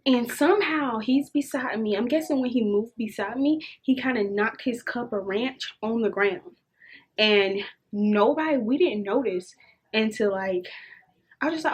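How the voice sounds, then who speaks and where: A young adult woman vlogger telling a casual storytime, animated and swearing freely as she acts out the dialogue. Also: on the high side, moderate pace, husky.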